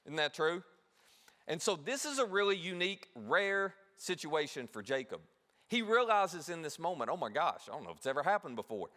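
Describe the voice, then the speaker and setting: A man preaching a sermon as pastor, telling a story with animated delivery and asking the audience questions. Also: a little high. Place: large church hall. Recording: long reverb of a big hall.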